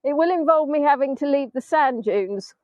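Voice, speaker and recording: A middle-aged woman from England, her voice high and darkish with lively intonation, guides a live virtual tour through sand dunes by the sea at a normal pace. She keeps up casual chat with viewers, mocks herself and sings the odd snatch of a tune. The audio is a dull, dry phone stream.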